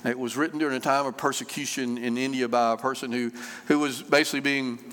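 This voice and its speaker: A man preaching a sermon, unhurried and conversational, with frequent fillers and repeated phrases. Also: mid-range voice, steady tone, a bit bright. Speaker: pastor. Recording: long reverb of a church hall.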